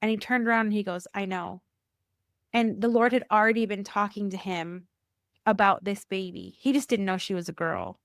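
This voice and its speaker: A woman who works at a church, a podcast guest telling a personal faith story, animated, acting out quoted dialogue and repeating phrases for emphasis. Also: moderate pace, dry recording, studio quality. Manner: animated, acts out quoted dialogue with rising pitch. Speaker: church worker.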